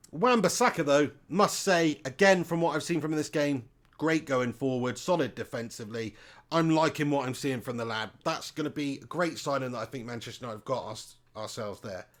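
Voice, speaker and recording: A man's voice: medium pitch, moderate pace, fairly bright tone. A man hosting a live football watch-along stream, chatting casually and reading out viewer comments. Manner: chatty, reads out viewer comments, calls them mate.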